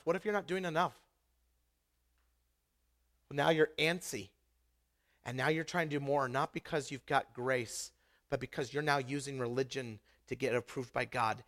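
A man preaching a sermon as pastor, passionate and emphatic, swinging from loud declarations to soft, intimate storytelling. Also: medium pitch.

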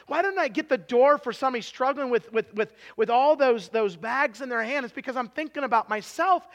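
A pastor in his forties preaches a sermon in a very high-pitched voice, telling stories with many restarts and sometimes dropping into a hushed, confessional tone.

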